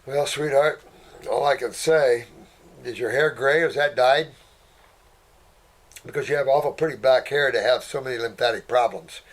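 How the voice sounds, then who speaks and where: A man's voice: medium pitch, moderate pace, pauses often. An older man in a casual question-and-answer talk, rambling and folksy, calling people honey and sweetheart and trailing off as he searches for words. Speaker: naturopath answering viewer questions. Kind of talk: casual Q&A commentary.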